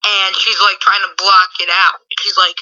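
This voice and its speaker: A woman's voice: mid-range voice, flat delivery, normal speed, bright, forceful tone. A woman guest chatting casually, rambling with lots of filler words and giggles. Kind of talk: casual chat. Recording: muffled lo-fi audio.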